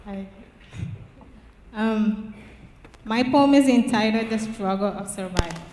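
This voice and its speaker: A teenage girl reading her own poem aloud at a public reading, earnest and halting with restarts. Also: medium pitch, darkish tone. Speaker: student writer. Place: church hall at a public reading. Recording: echoey church hall from far off.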